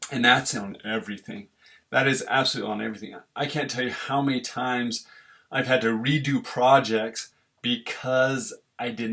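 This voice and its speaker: A man's voice: medium pitch, fairly bright tone. A middle-aged man talking casually and earnestly about relationships, explaining with homely everyday examples. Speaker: relationship advice speaker. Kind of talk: casual talk.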